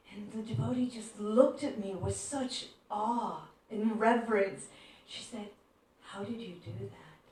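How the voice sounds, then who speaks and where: A woman giving a devotional talk, telling stories gently and acting out the voices in them. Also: a little high. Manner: gentle storyteller who acts out quoted voices. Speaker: devotional speaker. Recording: echoey room, far from mic.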